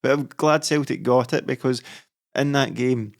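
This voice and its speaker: A man's voice: medium pitch, steady tone, normal speed, gravelly. A man with a Scottish accent, co-hosting a football podcast and talking with a fan's enthusiasm. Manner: enthusiastic fan talk. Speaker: podcast co-host. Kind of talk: casual football chat.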